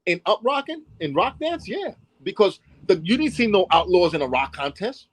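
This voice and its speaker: Animated New York man telling stories. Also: high voice, moderate pace, slightly rough, no room sound, poor audio. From Brooklyn, New York. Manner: animated storyteller, acts out voices, many "you know what I'm saying". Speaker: interview guest, hip hop dance pioneer. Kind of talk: storytelling interview.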